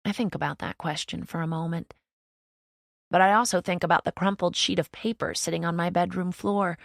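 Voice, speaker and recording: A woman reading a novel in the first person as an audiobook narrator, in an even, reflective way. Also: lowish voice, a little fast, gravelly, no echo, clean studio sound.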